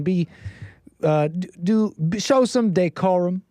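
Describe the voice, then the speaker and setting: A man's voice: high voice, takes it slowly, mellow, dry recording, clean studio sound. A man hosting a call-in livestream, chatting in a rambling, playful way with his viewers. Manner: rambling, playful, talks to the chat. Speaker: call-in show host. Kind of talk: casual livestream chat.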